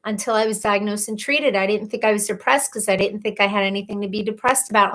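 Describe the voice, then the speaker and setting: A woman's voice: mid-range voice, quick pace, fairly bright tone. A woman in her thirties hosting a casual live stream, reading viewers' comments aloud and talking openly and emotionally. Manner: chatty, emotional, openly personal. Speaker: livestream host.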